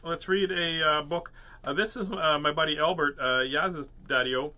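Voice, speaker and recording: A man's voice: a little high, moderate pace, pushed and bright. A man hosting a casual storytime, joking around and playfully teasing between picture book pages. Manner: joking, playful, lots of fillers. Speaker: host reading picture books aloud.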